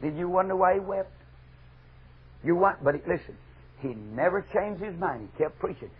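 A middle-aged man preaching a fervent revival sermon, moving from loud exhortation to hushed asides. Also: high voice, lively intonation, normal speed, slightly rough. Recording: dull lo-fi archival sermon recording.

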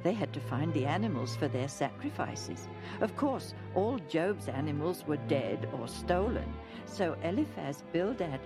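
Woman Bible storyteller, slow, low-ish voice, music bed. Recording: narration over music.

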